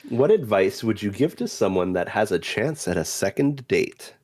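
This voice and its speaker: A man's voice: fairly low pitch, lively intonation, normal speed, a little mellow, dry recording. A man co-hosting a live stream, joking and teasing in casual chat. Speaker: co-host.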